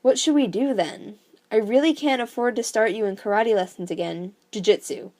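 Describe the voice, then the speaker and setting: A woman's voice: mid-range voice, normal speed, a little mellow, lightly acted. A woman reading a worried, stern father. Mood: concerned.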